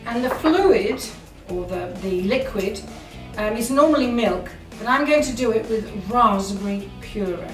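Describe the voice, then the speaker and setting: A woman's voice: on the high side, expressive, a little slow, hardly any pauses, soft background music. A woman hosting a cooking show, chatting enthusiastically as she talks through each step in her home kitchen. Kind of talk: casual cooking demonstration. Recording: roomy kitchen, mic at a distance.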